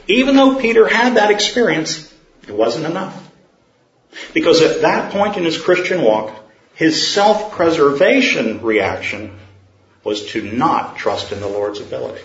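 A man's voice: on the high side, big pitch swings, measured pace. A male preacher giving a sermon, earnest and storytelling, with rhetorical questions. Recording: roomy, dull sound.

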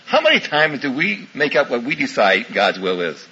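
A man's voice: mid-range voice, sing-song, moderate pace. A man preaching a sermon in a folksy storytelling manner, in a muffled recording with faint hiss. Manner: folksy storytelling, warm asides, chuckles.

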